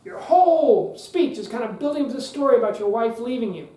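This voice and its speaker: A man hosting a public speaking podcast, talking emphatically, repeating key phrases and leaving long pauses. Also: extremely high pitch, expressive, warm tone. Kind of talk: instructional podcast talk. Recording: roomy echo.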